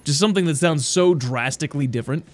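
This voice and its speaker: A man's voice: on the high side, quick pace, a little hiss or hum. A young man streaming a game, chatting casually in a playful, self-mocking way. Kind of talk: casual commentary while gaming.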